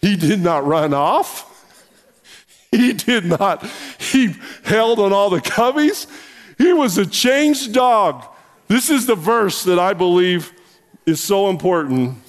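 High-voiced folksy preacher in a reverberant hall. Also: male voice, takes it slowly. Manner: folksy, animated storyteller who gets louder and higher when excited. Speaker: pastor. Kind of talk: sermon with storytelling.

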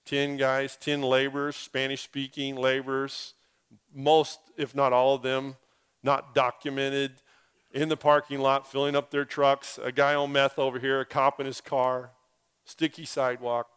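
A man's voice: medium pitch, monotone, a little slow, a bit bright, smooth. A male pastor preaching a sermon through a personal story, with humorous, self-deprecating asides.

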